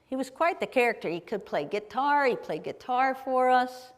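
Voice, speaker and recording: A woman from Ohio giving a chatty, enthusiastic live travel talk with slides, often asking the audience questions. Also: medium pitch. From Ohio, USA. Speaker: guest speaker. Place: performing arts center auditorium. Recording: long reverb of a large hall. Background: live audience in a hall.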